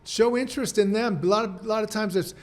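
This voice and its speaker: A man's voice: sits high, quick pace. A man on a podcast, a guest coach, speaking earnestly and repeating his key points as he acts out sample client talk. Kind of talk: podcast conversation.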